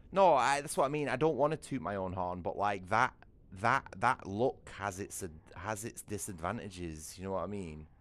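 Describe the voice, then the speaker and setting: A British streamer chats casually on a gaming livestream, rambling, swearing a lot, and often asking "you know what I mean." His voice is low-pitched with a fairly bright tone, at a moderate pace.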